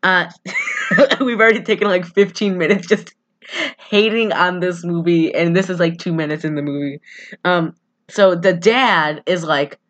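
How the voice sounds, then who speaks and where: A woman's voice: fairly low pitch, moderate pace, muffled recording. A young woman from southern Michigan with a Midwestern accent, rambling through a casual movie recap with lots of fillers and giggles. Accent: Midwestern American. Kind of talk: casual chat.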